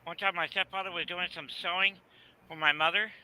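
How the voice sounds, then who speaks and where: A man's voice: high voice, steady tone, brisk, bright, forceful tone, clear, resonant tone, rough recording. A man from Arizona, telling rambling folksy stories in a casual video chat. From Arizona, USA. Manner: rambling storyteller, folksy, repeats "right there".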